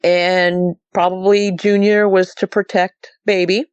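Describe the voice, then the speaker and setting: Woman, middle-aged, from Montana, interview guest, animated storytelling, dry sound. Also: on the low side, measured pace, smooth, no room sound, muffled recording. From Montana, USA. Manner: animated, acts out quoted dialogue with repeated "she goes". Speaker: guest recounting a sighting.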